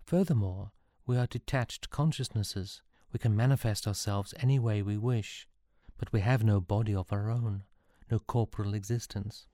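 A man voicing a gentle, ageless young woman who travels through time, speaking softly and earnestly. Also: fairly low pitch, steady tone, normal speed, dry recording, clean studio sound, natural voice.

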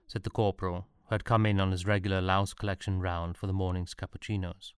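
A man narrating a story aloud, expressive and voicing each character. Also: low voice, quick pace, few pauses, smooth, dry recording, studio quality. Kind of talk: storybook reading.

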